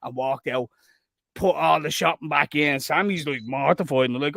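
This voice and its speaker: A man in casual podcast chat, fast and sweary, who slips into loud mimicry of the people in his story. His voice sits fairly high for a man, and the recording is dry and close. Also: creaky, no room sound. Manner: profane, animated, acts out quotes loudly. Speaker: podcast co-host.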